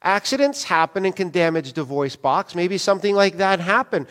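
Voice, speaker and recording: A man's voice: high voice, expressive, normal speed, fairly bright tone. A male pastor preaching a sermon in a conversational way, often asking the congregation questions. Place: church hall. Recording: long reverb of a church hall.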